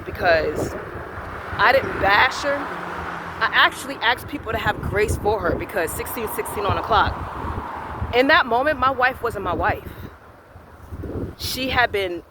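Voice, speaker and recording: Outdoors amid heavy wind noise, a fairly high-voiced man vlogs an emotional personal faith testimony. He performs every quote and shifts back and forth between hushed and loud delivery.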